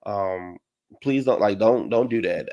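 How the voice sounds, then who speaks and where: A man giving a casual, sassy recap of a reality show, slipping into high mocking voices to act out what people said. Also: unhurried, dull audio. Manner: dramatic, sassy, slangy, acts out quotes in high mocking voices.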